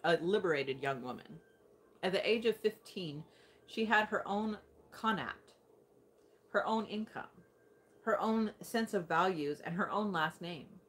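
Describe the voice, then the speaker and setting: In a lowish, somewhat bright voice, a woman reads a science fiction short story for an audiobook. She gives the characters their own voices as she performs the scripted dialogue.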